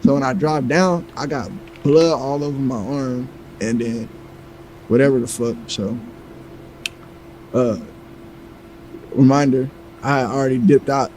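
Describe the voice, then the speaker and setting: A man casually telling a tense personal story, animated and profane, acting out what others said. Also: medium pitch, normal speed, long pauses, slight background noise, low-quality recording. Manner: animated, acts out quoted lines, heavy profanity.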